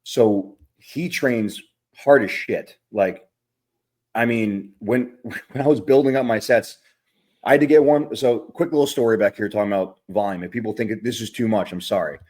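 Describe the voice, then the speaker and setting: A man's voice: on the low side, a little mellow. A man co-hosting a podcast in casual chat, rambling through gym stories with lots of fillers and casual swearing. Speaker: podcast co-host, bodybuilder.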